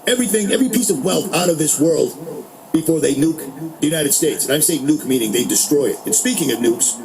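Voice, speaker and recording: Fired-up man ranting fast. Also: fairly high pitch, expressive, a little mellow, a little hiss or hum, low-quality recording. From Boston. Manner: heated, indignant, emphatic. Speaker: podcast host. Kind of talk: angry political rant.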